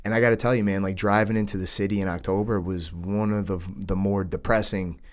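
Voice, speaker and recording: Laid-back man in his thirties, low voice. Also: fairly even intonation, fairly quick. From New York, United States. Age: 30s. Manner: easygoing, says dude and man often. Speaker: podcast host. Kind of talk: casual chat.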